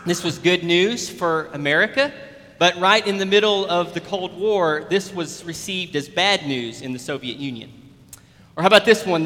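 Brief: male pastor, high bright voice, conversational sermon delivery, heard with long reverb in a church hall. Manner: conversational preaching with examples.

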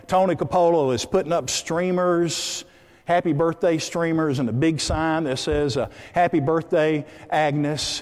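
A man preaching a sermon and telling a story in a lively way, acting out the voices of the people in it. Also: fairly high pitch, big-room sound.

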